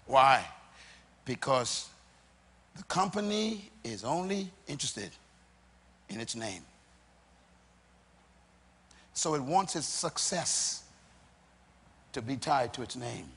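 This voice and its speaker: A middle-aged man preaching a sermon to a congregation, emphatic, with repeated lines and dramatic pauses. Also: mid-range voice, sing-song, a bit bright, breathy edge. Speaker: pastor.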